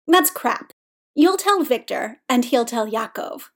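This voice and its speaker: A woman's voice: fairly high pitch, animated, slow, full character voice. Woman doing furious hulking teen boy skater. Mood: snappish. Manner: shouting, rude.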